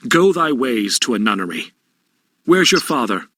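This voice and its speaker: An actor playing a brooding, self-loathing young prince, delivering classical verse in a declamatory, scornful manner. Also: male voice, mid-range voice, sing-song, normal speed, bright, forceful tone, no echo. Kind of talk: classical stage acting.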